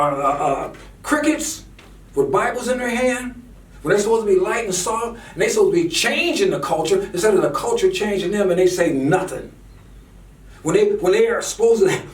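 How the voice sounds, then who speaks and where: A man's voice: high voice, far from the mic. Fervent, preachy man in an echoey room. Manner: preachy, fervent, repeats words when worked up. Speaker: commentator. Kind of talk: impassioned political rant.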